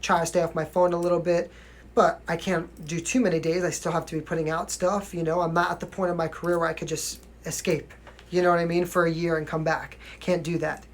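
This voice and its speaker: A man's voice: fairly high pitch, little pitch movement, fairly quick. A young man from New York with a mild New York accent, chatting casually on a livestream as a singer answering viewer questions, often asking "you know what I mean" and laughing.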